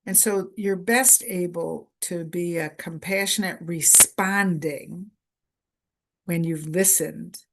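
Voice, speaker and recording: Her conference talk moves at an unhurried pace, delivered in a lowish voice by a workshop presenter. Key phrases recur as short lists to drive each point in.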